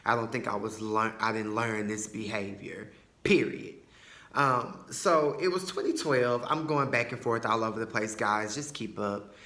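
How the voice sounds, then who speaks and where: Bright-voiced man telling a story. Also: on the low side, normal speed, reverberant. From Tyler, Texas. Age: 20s. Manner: chatty, many fillers and asides. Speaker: podcast host. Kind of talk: casual personal storytelling.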